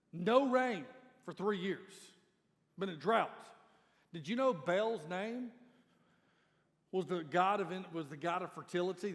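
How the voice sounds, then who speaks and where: A man preaching a sermon as lead pastor, speaking conversationally and appealing directly to his congregation. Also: high voice. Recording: reverberant church hall.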